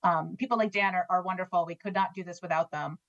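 A woman's voice: on the low side, fairly even intonation, fast, a bit bright, dry recording, highs cut off. A woman guest on a radio show, speaking for a foundation in a friendly way with many fillers. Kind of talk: casual radio interview.

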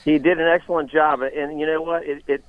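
A man's voice: a little high, flat delivery, brisk, no room sound. A man calling in to a radio show, telling a rambling story with many restarts. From Florida. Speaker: caller. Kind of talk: casual phone-in chat. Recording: tinny phone line, dry.

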